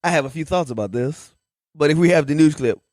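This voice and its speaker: A man's voice: a little high, fairly quick, a little mellow, no room sound, studio quality. A man co-hosting a casual podcast, cracking jokes and cutting in with crude asides. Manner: wisecracking, interjecting, profane. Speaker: podcast co-host.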